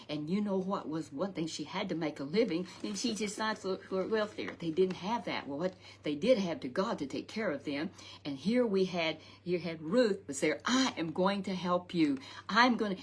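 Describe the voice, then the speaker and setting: A woman's voice: mid-range voice, darkish tone, a little hiss or hum. A woman telling a Sunday Bible story to a puppet, rambling and repeating herself with many restarts.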